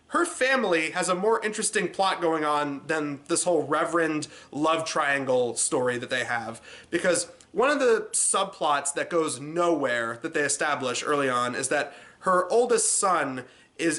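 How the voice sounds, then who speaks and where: A man reviewing a low-budget movie in a casual, sarcastic, rambling way. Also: expressive, normal speed, pushed and bright.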